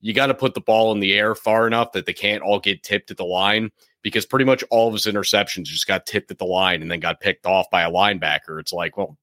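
A man's voice: on the low side, fairly even intonation, fast talker, few pauses, pushed and bright, dry recording, clean studio sound. A man co-hosting a sports talk show, laid-back and blunt, with some mild swearing. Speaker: sports podcast co-host.

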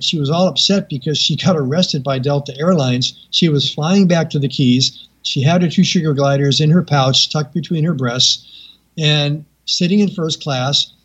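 A man tells a story as a guest on a podcast, with a husky and slightly high voice. He brings the people in it to life with raised, lively character voices. The recording sounds dull and lo-fi. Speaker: veterinarian and author, guest.

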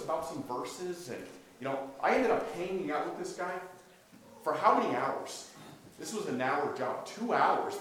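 A man preaches in a loose, conversational way, telling stories, acting out dialogue and asking his listeners questions. His voice sits a bit high. The sound is very echoey, with faint noise behind him. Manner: storytelling, acts out dialogue, asks the audience questions. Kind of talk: conversational sermon.

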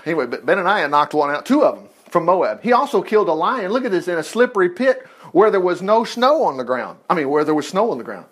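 A man reading the Bible aloud in an informal way, breaking in with excited exclamations and asides. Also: high voice, fast, hardly any pauses. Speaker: Bible teacher.

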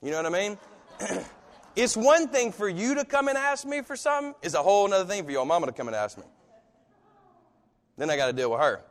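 A man's voice: sits high, expressive, a little fast, pauses often. A man preaching a sermon in a casual, conversational way, acting out the voices of the people he quotes. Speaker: pastor. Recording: long hall reverb.

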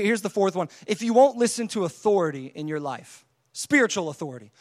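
A young man preaching a casual, energetic sermon, acting out lines with lots of energy. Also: sits high. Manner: energetic, casual, acts out voices of God and people.

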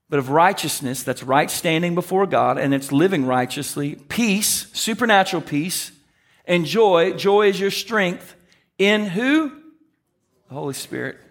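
A man preaching a sermon as pastor, conversational with slow, emphatic phrases. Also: fairly high pitch.

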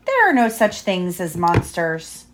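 A woman voicing a brave, matter-of-fact female anteater detective in a storybook, in a lifted, bright voice. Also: fairly low pitch, wildly swooping pitch, unhurried, a little hiss or hum. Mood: confident.

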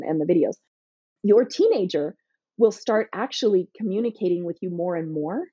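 A woman's voice: mid-range voice, dark tone, slightly rough, no echo, highs cut off. A woman parenting coach answering an interview question in an emphatic, punchy way, sometimes acting out what parents and teens say. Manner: emphatic, punchy, acts out parent and teen lines.

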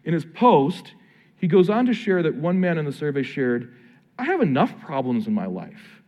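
Lively-voiced man preaching a sermon. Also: a little high, muffled recording. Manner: conversational, earnest preaching with slowed emphatic phrases. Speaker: pastor.

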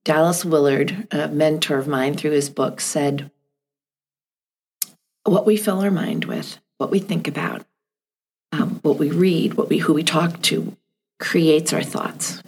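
A middle-aged woman speaking gently and thoughtfully on a podcast, asking reflective questions. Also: sits low, steady tone, measured pace, husky. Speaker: guest.

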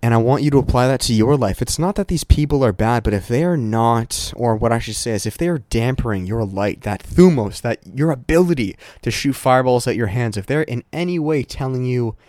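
A man's voice: medium pitch, expressive, a little fast, few pauses, darkish tone, no room sound, studio quality. Fired-up man preaching on his podcast. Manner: hyped, swearing, preachy pep talk. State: a little heated, catching his breath. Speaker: podcast host. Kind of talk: solo motivational podcast monologue.

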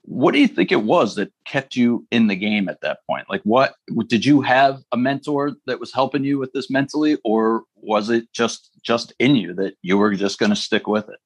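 A man's voice: mid-range voice, normal speed, few pauses, dry recording. A man co-hosting a baseball show, asking the guest long questions with many restarts. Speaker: podcast co-host. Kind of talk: interview questions.

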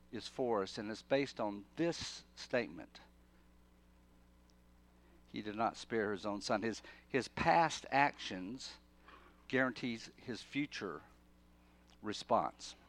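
Man, preacher, sermon in a church, emphatic, repeats phrases, mid-pitched voice. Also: lively intonation, slow pace, long pauses. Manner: emphatic, repeats and restarts phrases, swings from loud urgency to quiet.

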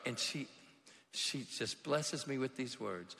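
A man preaching a sermon as a pastor, telling stories and swinging from quiet asides to shouted emphasis. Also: mid-range voice, lively intonation, a little slow, vocal fry, long pauses, in a large hall, a faint crowd, slight background noise. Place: large church hall.

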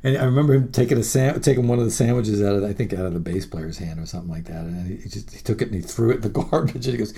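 A man, a musician, telling animated, profane road stories and laughing through them in a casual interview. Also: lowish voice, very fast, hardly any pauses. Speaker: musician guest.

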